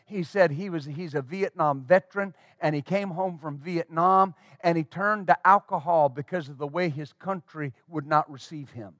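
A middle-aged man preaching to a church, spinning a folksy, animated story with plenty of restarts. His voice sits high for a man. The sound is dry and close, with little room echo. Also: normal speed, hardly any pauses. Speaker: pastor. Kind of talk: storytelling sermon.

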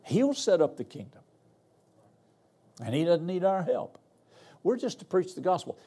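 A man's voice: high voice, sing-song, normal speed, dark tone, husky. An older man, a guest pastor preaching a sermon in a folksy, humorous, storytelling way. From Arkansas. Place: church.

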